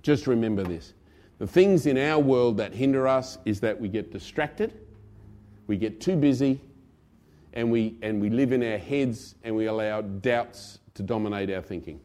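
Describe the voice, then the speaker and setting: A male pastor preaching a sermon in a conversational way, swinging between loud emphasis and quiet asides. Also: lowish voice, normal speed.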